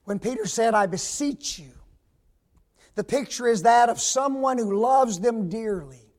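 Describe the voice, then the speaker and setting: A male preacher giving a sermon. He stresses words loudly, drops to hushed asides and asks the congregation rhetorical questions. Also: extremely high pitch, moderate pace. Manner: emphatic, swings from loud stress to hushed asides.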